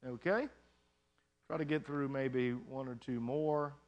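A man's voice: medium pitch, fairly even intonation, slow, lo-fi sound. A male pastor answering congregation questions in a sermon, talking conversationally and often checking in with "you understand?".

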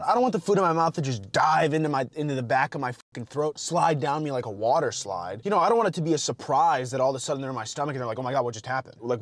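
A young man vlogging from his car, ranting and rambling in a profane, animated comedic monologue with sudden outbursts. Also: fairly high pitch, no echo. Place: inside a car while driving.

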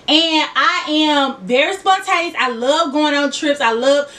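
Casting: young woman, Memphis Southern accent, high voice, a bit off-mic. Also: unhurried, bright, forceful tone, far from the mic. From Memphis, Tennessee. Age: 20s. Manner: chatty, laughing, addresses viewers as y'all. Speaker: YouTuber. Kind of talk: casual vlog chat.

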